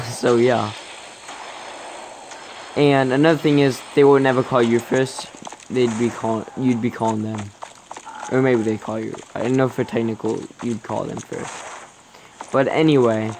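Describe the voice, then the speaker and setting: A man's voice: mid-range voice, rough recording. A young man casually telling a rambling story to his viewers, often correcting himself mid-sentence. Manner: rambling, self-correcting, chatty. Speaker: vlogger.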